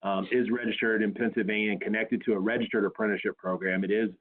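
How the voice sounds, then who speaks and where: Male panelist, slow and hesitant, lowish voice over a tinny phone line. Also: fairly even intonation. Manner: halting, many fillers and restarts. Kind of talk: webinar answer.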